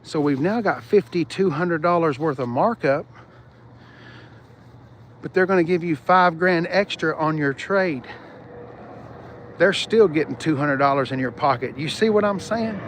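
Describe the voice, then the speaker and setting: A man hosting a casual car-talk livestream, rambling and animated, reading out viewer comments and shouting when worked up. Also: fairly high pitch, a little slow, long pauses, a little hiss or hum. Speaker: livestream host reading chat.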